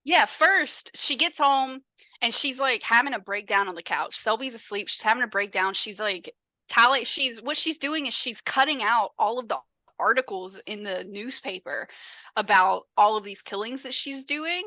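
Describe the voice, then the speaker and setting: A woman's voice: a little high, normal speed, dry recording, muffled recording. A woman co-hosting a podcast, casually retelling a film, swearing often and acting out the characters' lines. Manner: swears a lot, animated, acts out quotes. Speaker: podcast co-host.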